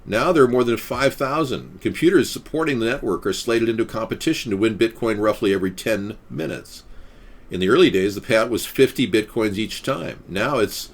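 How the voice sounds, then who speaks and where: A man's voice: fairly low pitch, normal speed. A young man hosting a live stream, loosely chatting with many fillers and reading an article aloud.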